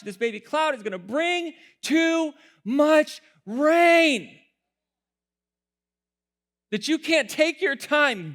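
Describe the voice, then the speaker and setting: High-voiced guy preaching, super animated, doing little voices, laughs a lot, gets shouty. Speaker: pastor. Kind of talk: sermon.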